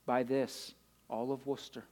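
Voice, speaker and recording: A man preaching a sermon as a pastor, swinging from loud declarations down to hushed storytelling. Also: mid-range voice, flat delivery, moderate pace.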